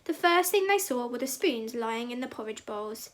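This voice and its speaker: A woman teacher reading a fairy tale aloud for children in an expressive, sing-song way. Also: fairly high pitch, moderate pace.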